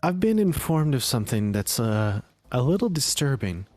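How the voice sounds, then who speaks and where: A man voicing a prim, worried middle-aged mother in a higher voice. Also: sing-song, moderate pace, darkish tone, dry recording, faint music behind, natural voice. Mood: stern.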